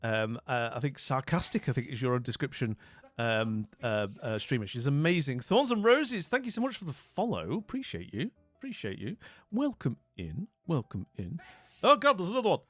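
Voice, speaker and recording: A man's voice: mid-range voice, very animated, normal speed, a bit bright, dry recording. A British man streaming live, chatting casually with his viewers, rambling and often trailing off into mumbles. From Britain. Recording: dry close recording with faint music.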